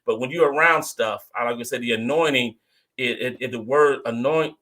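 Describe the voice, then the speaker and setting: Bright-voiced man hosting a family chat. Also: medium pitch, moderate pace. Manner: lively, repeats himself, draws stories out of guests. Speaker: host. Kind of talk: casual family talk show.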